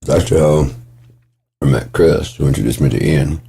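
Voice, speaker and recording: A man talking in a gentle, rambling monologue, swearing freely and chuckling often. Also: very deep voice, measured pace, gravelly, slightly rough. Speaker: vlogger.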